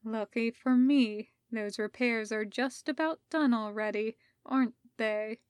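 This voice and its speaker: A woman's voice: fairly high pitch, measured pace, darkish tone, smooth, no echo, clean studio sound, close to an everyday voice. Woman reading as a mocking male Sith lord. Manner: mocking, coaxing.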